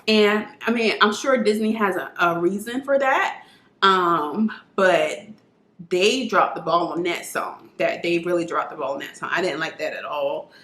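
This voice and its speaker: This woman's voice sits on the low side and has a fairly bright tone, and she takes her time. She's chatting earnestly about a film she's reviewing, using lots of fillers, recorded by her camera's mic in an echoey room at home.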